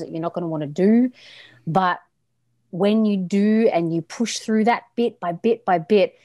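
A woman with an Australian accent, a coach talking in a casual podcast conversation, animated, laughing often and swearing freely. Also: on the low side, no room sound, clean studio sound.

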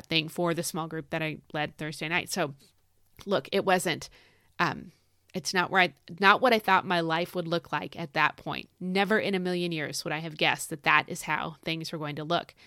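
A woman's voice: fairly low pitch, a bit bright, no room sound, studio quality. A middle-aged woman hosting a faith podcast, chatting casually and rambling with frequent restarts. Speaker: podcast host. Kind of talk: casual devotional podcast talk. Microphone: podcast microphone.

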